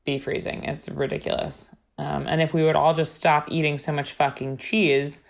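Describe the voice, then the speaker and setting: A woman with a Long Island accent talking in a relaxed, blunt way. Her voice sits a little low, and she swears and laughs easily in casual conversation. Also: moderate pace, creaky. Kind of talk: casual chat.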